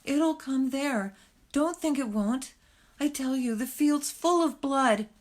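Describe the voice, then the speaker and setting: A woman's voice: unhurried, darkish tone, natural voice. A woman voicing a timid young male rabbit who whimpers and trembles with fear. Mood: terrified. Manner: trembling, whimpering, high and fearful.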